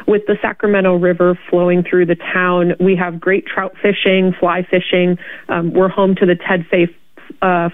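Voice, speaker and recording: A woman, a city mayor, answering radio interview questions in a steady, informative way with frequent ums. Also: mid-range voice, dry recording. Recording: tinny phone line.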